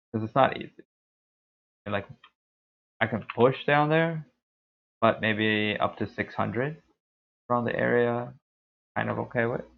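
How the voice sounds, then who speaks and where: A young man streaming a game, talking through his play in a laid-back, rambling way with a deep, dark voice. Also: gravelly. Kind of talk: casual gameplay commentary. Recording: tinny lo-fi stream mic.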